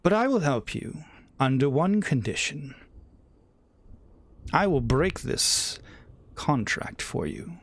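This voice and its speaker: Grim old djinni lord voiced by a man, scornful, real slow, kinda gravelly. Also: fairly high pitch, big pitch swings, pitched above the performer's own voice, heavily acted. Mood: haughty.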